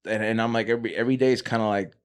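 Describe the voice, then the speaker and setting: A young man with a somewhat low voice tells loose, rambling stories in relaxed podcast chat. His talk is packed with "like," restarts and swearing, and he laughs often as he goes. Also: very fast, clear, resonant tone. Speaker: podcast guest, cannabis show host. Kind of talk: casual storytelling chat.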